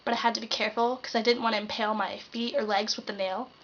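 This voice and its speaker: A woman's voice: a little high, flat delivery, fast, fairly bright tone, lo-fi sound. Sarcastic teenage girl ranting. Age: teens. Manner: sarcastic, exasperated. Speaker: vlogger. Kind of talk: comic rant to camera.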